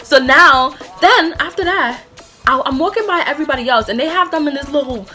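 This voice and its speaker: A young woman spins out a personal story for her vlog, her high voice rising and falling as she rambles on. Her tone is bright and a little sharp. Faint music plays underneath her. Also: brisk. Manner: animated, rambling retelling full of fillers and laughs. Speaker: vlogger.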